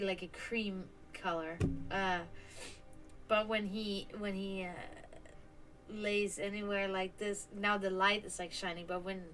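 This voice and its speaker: Woman streamer at home, bright timbre, rambling casual chat, light swearing, soft music underneath. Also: rough recording. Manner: chatty, rambling, swearing, laughs often; high sing-song baby talk to her cats. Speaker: esoteric stream host. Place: home, indoors.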